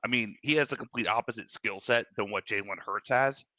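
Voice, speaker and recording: A man's voice: lowish voice, a little fast, bright, forceful tone, dry recording, lo-fi sound. A man co-hosting a casual sports show, laid-back and analytical. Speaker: co-host.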